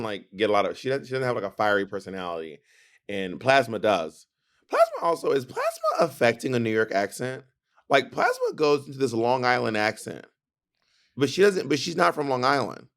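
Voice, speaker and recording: A mid-range male voice, moving a little fast, belongs to a podcast co-host in a laid-back conversation. He's opinionated and tells stories with energy, slipping into voices when quoting others.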